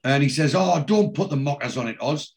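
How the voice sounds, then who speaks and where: A man's voice: fairly high pitch, animated, brisk, gravelly. A man co-hosting a casual chat, retelling scenes and quoting characters with lots of fillers and restarts. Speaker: podcast co-host recapping a TV episode.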